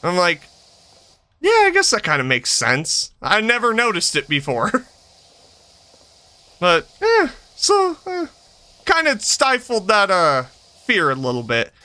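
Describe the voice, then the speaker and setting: A man's voice: high voice, takes it slowly, long pauses. A man in his thirties chatting casually on a game stream, swearing freely, laughing often and telling stories. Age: 30s. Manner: animated, profane, laughs often. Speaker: streamer host. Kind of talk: casual chat while gaming.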